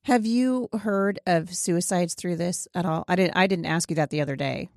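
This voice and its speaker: A woman hosts a conversational interview, talking in an emphatic, opinionated way. Her voice sits a little low for a woman, and the recording is dry and close with no room sound. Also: normal speed, a little mellow, no echo. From Pacific Northwest, USA. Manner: emphatic, opinionated, asks probing questions.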